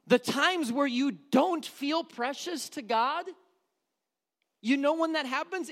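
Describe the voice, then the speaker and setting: A male pastor preaching a sermon, swinging from loud urgent passages to hushed near-whispers and acting out quoted prayers. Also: extremely high pitch. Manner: acts out quoted prayers and everyday voices.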